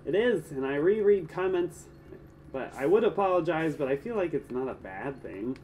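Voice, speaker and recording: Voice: mid-range voice, expressive, moderate pace, dark tone, recorded from a distance, a little hiss or hum. Playful streamer making goofy sound effects. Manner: playful and jokey, chatting to viewers. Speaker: gaming streamer. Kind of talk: casual live gameplay commentary.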